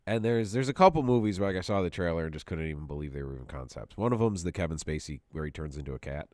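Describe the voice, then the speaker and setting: A man's voice: sits low, lively intonation, racing, darkish tone, dry recording, studio quality. A man co-hosting a casual podcast chat, telling rambling, profane stories and laughing often. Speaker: podcast co-host.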